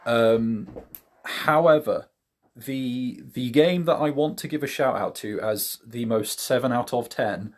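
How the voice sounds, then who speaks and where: A man co-hosting a podcast, chatting casually in an easygoing, hedging way with many ums. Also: on the low side. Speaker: podcast co-host. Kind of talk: casual chat.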